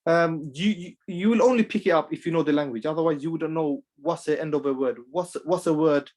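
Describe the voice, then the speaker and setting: A man teaching Quran recitation rules in a class, halting and full of restarts, driving each rule home by repeating it. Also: fairly high pitch, darkish tone. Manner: drills rules through repetition. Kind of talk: online class lesson.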